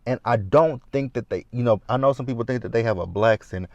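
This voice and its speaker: A man's voice: medium pitch, fast talker, no echo, muffled recording. A man from Texas, recapping a reality show in a chatty, blunt way with profane asides. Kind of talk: casual recap commentary.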